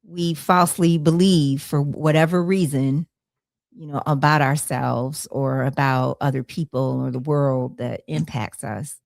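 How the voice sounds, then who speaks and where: Low-voiced woman hosting over a video call. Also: steady tone, unhurried, creaky, a little mellow, no echo, studio quality. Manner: rambling, with many fillers and self-corrections. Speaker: podcast host. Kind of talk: casual conversation.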